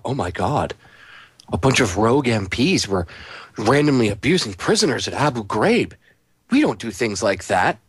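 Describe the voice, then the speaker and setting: A man's voice: medium pitch, husky, no echo. A man hosting a talk radio show, giving emphatic, sarcastic commentary.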